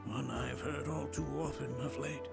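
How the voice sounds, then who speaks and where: An actor playing a wise, dry-humored old male scholar in a video game, speaking in a measured, gently mocking way. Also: medium pitch, fairly even intonation, vocal fry. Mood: wry. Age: older. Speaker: game character. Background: game music.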